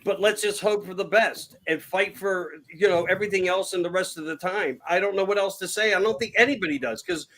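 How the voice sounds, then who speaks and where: A man in his sixties talking politics in a rambling, halting way, restarting his sentences. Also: high-pitched, fairly bright tone. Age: 60s. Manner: rambling, halting with repeated starts. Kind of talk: casual political talk.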